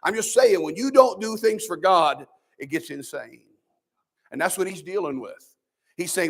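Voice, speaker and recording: Male pastor, high voice, chatty preaching with sarcastic jabs, Sunday school sermon. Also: expressive, moderate pace, vocal fry. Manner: preachy, conversational, with sarcastic asides.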